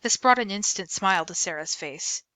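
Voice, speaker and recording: Bright-voiced woman reading a novel aloud. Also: mid-range voice, moderate pace, no room sound. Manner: expressive storybook reading. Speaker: book reader.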